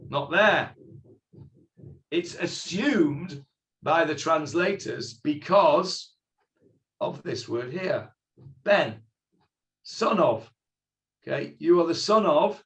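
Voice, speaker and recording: Man, Bible class teacher, unhurried, somewhat high-pitched, questions the class. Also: lively intonation, a bit bright. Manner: explains slowly, quotes figures in character, asks students questions. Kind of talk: text study class.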